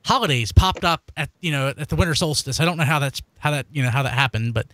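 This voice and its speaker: A man's voice: on the high side, quick pace, no room sound. A man co-hosting a live-streamed fan podcast in casual chat, rambling and plugging links. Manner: animated, rambling, promotes links. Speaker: podcast co-host.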